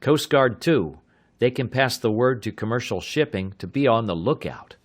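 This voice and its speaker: A man's voice: medium pitch, lively intonation, moderate pace, pitched above the performer's own voice, natural voice. A man voicing a worried young inventor, speaking bleakly and urgently.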